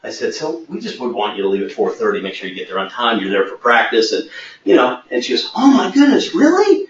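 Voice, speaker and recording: A man's voice: on the low side, fast, a bit bright, slight background noise. A man as a sales trainer, telling a workplace anecdote in a training webinar and acting out the quoted dialogue. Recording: echoey, distant, muffled.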